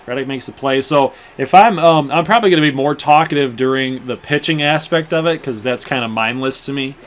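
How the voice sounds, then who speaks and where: A man's voice: mid-range voice, brisk. A young man hosting a gaming channel, chatting to viewers with casual play-by-play while he plays a baseball video game. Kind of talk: casual gameplay commentary.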